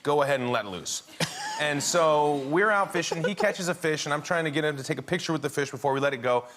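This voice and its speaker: Talk show guest: man, bright and slightly high voice, animated comic storyteller laughing through his lines, studio audience faint behind. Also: fast.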